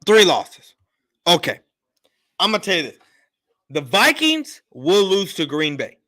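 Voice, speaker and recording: A man with a high-pitched voice argues his sports takes loudly, hammering each point again and again. He has been drinking a little, and his speech stays forceful and insistent. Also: wildly swooping pitch, a little slow. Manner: loud, emphatic, repetitive insistence. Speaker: sports podcast host. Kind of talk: heated sports opinion talk.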